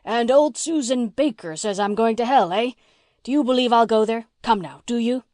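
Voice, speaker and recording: A woman voicing a blustering, gruff old farmer man in an audiobook, bossy and teasing, repeating himself as he talks. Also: fairly high pitch, normal speed, a little mellow, no room sound, studio quality, voice pushed up, lightly acted. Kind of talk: audiobook reading.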